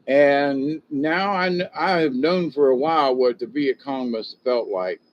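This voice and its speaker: A man's voice: mid-range voice, measured pace, a little hiss or hum. A man rambling through a casual monologue, chuckling and self-mocking in a folksy way. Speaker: commentary vlogger. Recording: dull lo-fi home recording.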